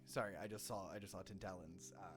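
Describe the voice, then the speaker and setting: A man with a fairly low voice narrates a tabletop game as game master. He talks casually and playfully, with plenty of fillers. Clear music plays behind him. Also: fairly even intonation, fast. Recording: background music.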